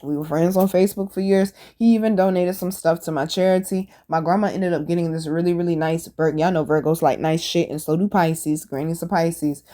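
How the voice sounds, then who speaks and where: A woman's voice: on the low side, fairly quick, hardly any pauses. Blunt profane woman telling stories. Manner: animated, profane and blunt, with slang. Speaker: podcast host. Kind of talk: casual storytelling monologue.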